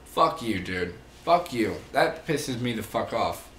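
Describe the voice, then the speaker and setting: A man's voice: medium pitch, sing-song, takes it slowly, fairly bright tone, echoey room, slight background noise. A young man ranting casually to the camera about rude people, heated and profane, rambling as he goes. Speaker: vlogger; manager.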